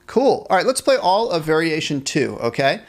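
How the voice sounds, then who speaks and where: A man with a slightly higher voice leads a live online band class. He cheerfully answers questions from the chat and keeps encouraging the players. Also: sing-song, normal speed, faint music behind. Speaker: music teacher.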